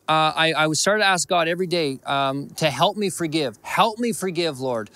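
Canadian male pastor, higher-pitched, earnest sermon storyteller, dry close mic. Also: a bit bright, no echo. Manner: earnest storytelling with repeated phrases. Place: church.

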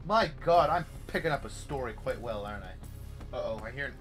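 A young man commentating a horror game playthrough, swearing a lot and swinging from hushed muttering to panicked yelps. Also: medium pitch, lively intonation, moderate pace, faint music behind. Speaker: gaming YouTuber.

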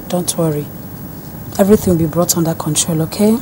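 A woman's voice: sits low, measured pace, dark tone, a little hiss or hum, low-quality recording. An actress playing a proud, protective middle-aged mother who soothes her daughter. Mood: motherly.

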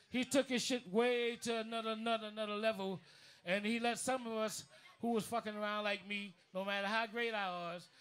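A man tells a long, profane story on a bar stage, circling back with many restarts. His voice sits very high for a man. He speaks into a handheld stage mic. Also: fairly bright tone, smooth. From New Orleans. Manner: profane, rambling, lots of restarts. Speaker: drummer and bandleader. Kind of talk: onstage storytelling speech. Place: live music bar stage.

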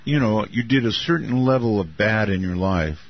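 An older man hosting a late-night call-in radio show, musing and drawn out as he takes callers. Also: slightly rough. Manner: musing, drawn-out, lively pitch swings. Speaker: radio talk show host. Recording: muffled dry radio broadcast.

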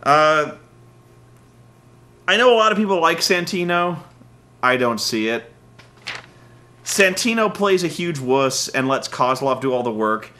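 A man hosting a comedic wrestling recap, sarcastic and profane with deadpan jokes. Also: a little high, a little slow, long pauses. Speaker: podcast host.

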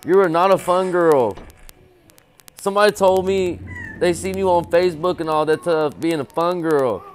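A man playing a horror game, joking and talking to the monster, with low mutters and loud startled yelps. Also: moderate pace, a little hiss or hum. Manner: jokey, talks to the game character, repeats silly chants. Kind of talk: casual let's-play commentary.

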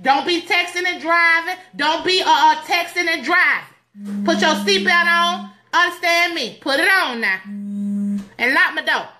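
Sassy high-voiced woman joking about church. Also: measured pace, bright, forceful tone. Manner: playful, sassy, preachy, slangy. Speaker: comedic church advice host. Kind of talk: comedic skit with advice. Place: indoors at home.

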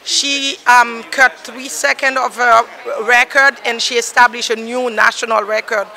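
Hoarse, excited mother from Haiti. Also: fairly high pitch, a little slow. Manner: effusive, laughs often. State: hoarse from screaming. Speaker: athlete's mother. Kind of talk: excited on-the-spot interview. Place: airport arrivals area.

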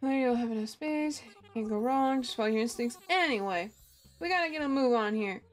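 Woman reading a polite, upbeat raccoon tour salesman, fairly high voice, faint music behind. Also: brisk, close to an everyday voice. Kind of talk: reading game dialogue aloud.

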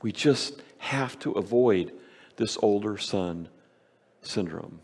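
A man preaching a sermon as pastor, emphatic, repeating key phrases and slowing down for stress. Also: lowish voice, animated, darkish tone, husky. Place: church sanctuary. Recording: church hall with long reverb.

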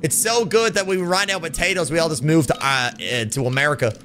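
His voice sits on the high side and he talks fast, with a little hiss or hum in the audio. An Irish man streaming a shooter game, he reads the chat aloud, cracks jokes, swears freely, and yells loudly at the game.

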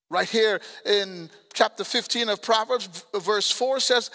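High, bright-voiced preacher with an accent. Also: male voice, measured pace, hardly any pauses. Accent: foreign accent. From abroad. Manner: preaching with call-outs to the congregation, colloquial asides. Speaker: pastor. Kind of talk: sermon. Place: church sanctuary. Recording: long church hall reverb.

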